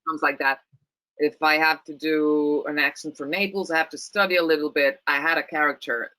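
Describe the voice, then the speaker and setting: A woman's voice: sits low, steady tone, brisk, bright, forceful tone, poor audio. A middle-aged woman from Italy with an Italian accent, a guest actress talking thoughtfully and often restarting her sentences. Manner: thoughtful, many restarts and repeated words. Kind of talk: casual interview chat.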